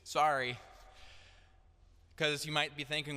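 Bright-voiced young man preaching in a hall. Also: mid-range voice, measured pace. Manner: earnest, direct, building to emphatic declarations. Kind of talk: sermon. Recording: echoey hall.

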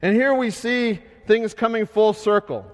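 A man preaching a sermon in a slow, measured way, his voice swelling loud and then sinking soft. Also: sits high. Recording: long hall reverb.

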